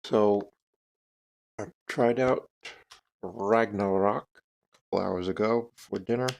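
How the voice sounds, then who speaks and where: Male streamer, unhurried and a bit low, casual chat into a desk mic. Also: fairly even intonation, gravelly, a little mellow, a little hiss or hum. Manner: unhurried, thinking aloud while adjusting audio settings. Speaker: live streamer. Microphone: desk microphone with noise gate and compressor.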